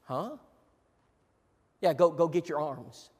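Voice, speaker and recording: A man preaching a sermon, swinging between loud proclamation and quiet asides. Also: on the high side, slow, husky. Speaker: pastor. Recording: long reverb of a large hall.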